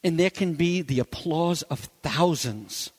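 Male pastor, high voice, emphatic storytelling sermon, big reverberant room. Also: animated, unhurried. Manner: emphatic storytelling preaching, swells then drops to quiet. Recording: long hall reverb.

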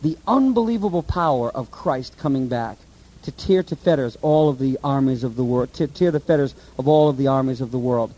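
A man preaching a sermon and teaching from the Bible, animated and asking his listeners questions. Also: medium pitch, fairly quick, rough recording. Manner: animated, asks the audience questions.

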